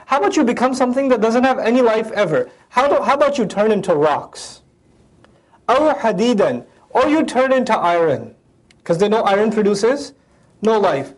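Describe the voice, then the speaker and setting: Fast, high-voiced man teaching the Quran. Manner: animated, acts out voices of the verses; recites Arabic verses then translates. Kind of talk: Quran lecture.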